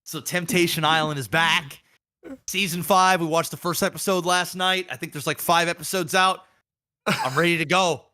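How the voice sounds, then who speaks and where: A man with a bright, forceful voice sitting slightly high for a man, talking on a casual podcast. He tells stories in an animated, profane way and jumps into the voices of the people he quotes. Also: moderate pace. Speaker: podcast co-host.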